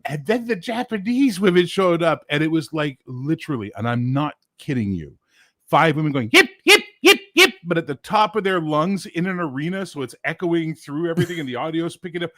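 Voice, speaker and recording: A man's voice: a little high, brisk, no echo. A man in loose livestream chat who tells stories with big swings in his voice and swears a lot. He breaks into impressions mid-story. The sound is close and dry, with no room around it. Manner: animated storyteller, swears freely, mimics voices. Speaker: livestream co-host. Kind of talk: casual chat.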